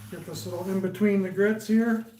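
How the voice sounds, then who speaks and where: A man's voice: high-pitched, steady tone, a little fast, warm tone. A man turning pens on a lathe in his workshop, chatting casually with livestream viewers by name and reading their comments. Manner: chats with viewers by name, reads comments aloud. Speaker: woodturner streaming live. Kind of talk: casual livestream chat while working. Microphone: camera set up beside the lathe. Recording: roomy workshop echo.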